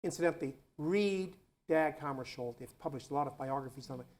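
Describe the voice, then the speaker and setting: A man's voice: on the high side, a little fast, darkish tone. A man, a priest, giving an informal talk to students, telling earthy stories in a conversational way and tossing in "you know" often. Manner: earthy, chuckles between points.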